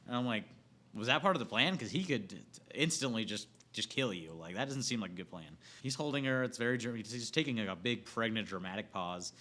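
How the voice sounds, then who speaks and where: A man's voice: fairly low pitch, fairly quick, few pauses. A young man giving a casual, profane movie rant, rambling with lots of filler words and restarts as he retells the plot. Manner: animated plot retelling with acted quotes. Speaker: movie reviewer.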